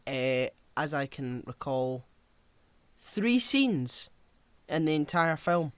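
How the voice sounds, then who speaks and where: A man's voice: a little high, sing-song, slow, clean tone, no room sound. A man co-hosting a podcast, talking casually and steering the film discussion as he recounts scenes. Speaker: podcast co-host.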